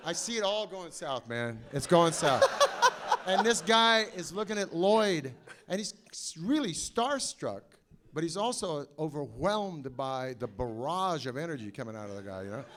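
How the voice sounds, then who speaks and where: A man telling a lively anecdote on stage as a panel guest, with stammering restarts and laughing asides. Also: on the high side, unhurried, slight background noise.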